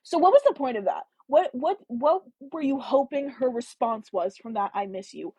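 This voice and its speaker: A woman's voice: high voice, lively intonation, moderate pace, warm tone, husky, no echo, lo-fi sound. A woman hosting a casual book club livestream, chatting animatedly and answering viewer comments.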